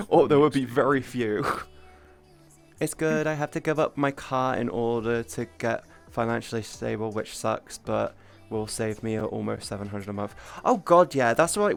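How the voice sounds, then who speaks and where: Chatty, swearing streamer over soft music. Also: medium pitch, normal speed, vocal fry. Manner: animated, swearing, restarting sentences. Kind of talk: casual chat on a livestream.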